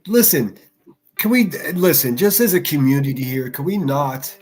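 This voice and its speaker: A man hosting a livestream, ranting in a crude, mocking way and shifting in loudness as he talks. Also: mid-range voice, expressive, normal speed, slightly rough, soft background music. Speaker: livestream host. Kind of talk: profane livestream rant.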